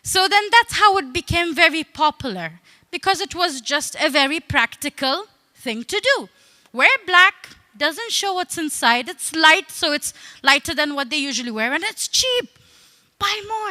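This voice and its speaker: A woman's voice: high voice, animated, normal speed, bright, forceful tone. A woman from the Emirates, giving a humorous stage talk as a comedian and storyteller in a playful, teasing, conversational way. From United Arab Emirates.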